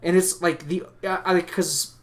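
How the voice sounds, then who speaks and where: A man hosting a podcast, telling a long, profane and animated story in a casual chat. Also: high-pitched, unhurried. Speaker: podcast host.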